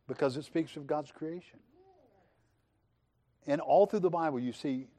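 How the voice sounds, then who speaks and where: Higher-voiced man preaching a sermon. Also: darkish tone. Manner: reads scripture slowly and low, then preaches with rising fervor; folksy and conversational, with restarts. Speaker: pastor. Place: church sanctuary.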